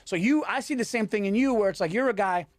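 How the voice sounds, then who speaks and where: High-voiced animated male podcast host. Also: fast talker, dry recording. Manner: animated, swears freely, acts out quotes. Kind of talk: casual chat.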